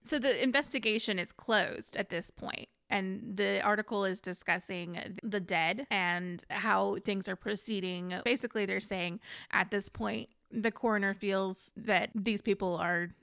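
Creaky-voiced woman podcast co-host. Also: mid-range voice, measured pace, few pauses, fairly bright tone, no room sound, clean studio sound. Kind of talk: casual book chat.

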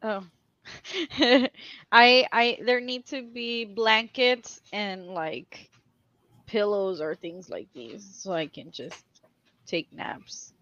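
A woman on a live chat panel who talks in an excitable, giggly way. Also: medium pitch, slow, no echo. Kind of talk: casual group chat on a live show. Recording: slightly dull, lo-fi sound.

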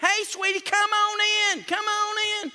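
A man's voice: extremely high pitch, level tone, a little slow, pushed and bright, long reverb tail, pitched above the performer's own voice, exaggerated voice. A man voicing a sweet elderly Southern woman in a nursing home, with a syrupy, welcoming drawl.

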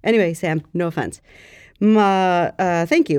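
A woman's voice: fairly low pitch, unhurried, darkish tone, clear, resonant tone, dry recording, clean studio sound. A woman co-hosting a podcast, teasing her partner and reading listener mail in casual chat. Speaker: podcast co-host.

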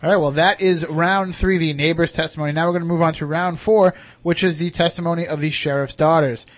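A man moderates a timed debate, calling out the time and tossing in friendly jokes. His voice sits slightly high. He stays easy and conversational between rounds. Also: fairly even intonation, brisk. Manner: friendly, joking timekeeper. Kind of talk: casual podcast moderation.

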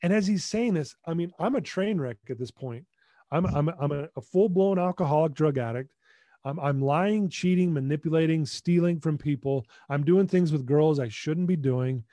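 Speaking at a moderate pace in a slightly high voice, this middle-aged man shares a personal anecdote as a guest on a podcast. There's no room sound. His lively retelling includes acted-out dialogue, with frequent restarts and repeated words.

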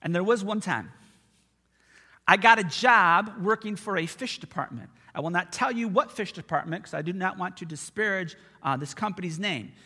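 A man's voice: sits high, moderate pace, husky. A man preaching a sermon to his church, telling stories from his own life in a loose, chatty way. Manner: conversational storytelling, animated and expressive. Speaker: pastor. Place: church sanctuary. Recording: long church hall reverb.

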